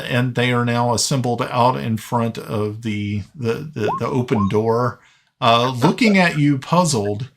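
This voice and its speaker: Slow, gravelly-voiced male dungeon master. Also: medium pitch, a bit bright. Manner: halting, many fillers and restarts. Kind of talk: narrating a tabletop game.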